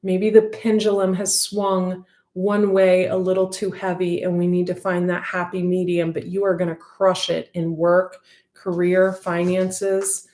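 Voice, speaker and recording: A woman reads tarot for her audience in a loose, heartfelt way, full of filler words. Her voice sits a little low for a woman. The room around her is echoey. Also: flat delivery, unhurried, darkish tone. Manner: rambling, heartfelt, many fillers. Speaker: intuitive tarot reader. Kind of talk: casual spoken intuitive reading.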